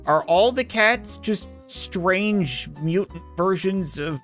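A woman's voice: lowish voice, expressive, takes it slowly, fairly bright tone, soft background music. A woman giving rambling, sarcastic commentary while playing a video game. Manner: rambling, sarcastic, laughs often. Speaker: gaming video host. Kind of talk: let's play commentary.

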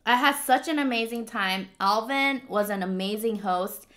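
A woman's voice: on the high side, moderate pace, fairly bright tone. A woman hosting a casual eating vlog, chatty and playful, with eating sounds close on the mic. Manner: chatty, playful, cutesy meowing. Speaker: mukbang host. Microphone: close mic picking up eating sounds.

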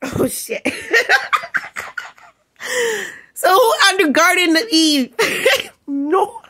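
A woman's voice: very high voice, wildly swooping pitch, very slow, sharp tone. A tired woman vlogging in a profane, scornful rant, breaking into laughs between jabs. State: tired, up all night. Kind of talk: profane ranting monologue.

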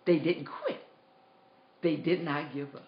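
A woman's voice: sits low, steady tone, a little slow. A woman giving an inspirational talk, repeating her exhortations emphatically and telling stories. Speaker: inspirational speaker. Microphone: tablet. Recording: roomy, dull lo-fi livestream.

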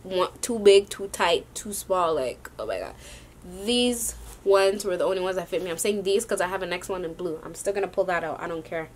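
A woman's voice: fairly low pitch, lively intonation, fairly quick, a little hiss or hum. A woman vlogging a sneaker haul, rambling and casual with lots of slang. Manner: chatty, rambling, slangy ("yo", "y'all").

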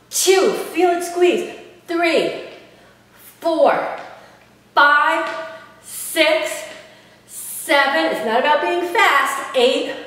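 Woman fitness coach, high voice, unhurried, recorded from afar in a reverberant hall. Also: fairly bright tone. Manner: counting reps and cheering on. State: out of breath. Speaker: fitness instructor. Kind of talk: workout instruction. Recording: echoey room, far from mic.

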